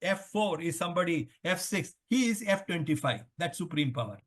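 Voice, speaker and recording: An older man with an Indian English accent talks in a high voice, lecturing through a long interview answer. He repeats points and poses questions to himself as he explains. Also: animated, brisk. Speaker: author interviewed on the Vedas.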